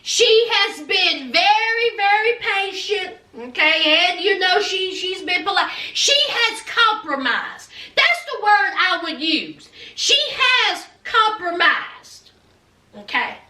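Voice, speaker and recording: A woman's voice: very high voice, expressive, takes it slowly, bright, forceful tone. A woman recapping a reality TV episode for her viewers, sassy and dramatic, calling them honey and y'all. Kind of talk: casual commentary to viewers. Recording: echoey room, mic at a distance.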